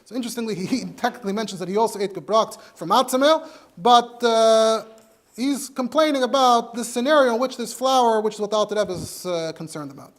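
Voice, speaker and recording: In a high, fairly quick voice, a man who is a rabbi gives a Torah lecture on halacha in English. Step by step he explains the sources, dropping in Hebrew and Yiddish expressions.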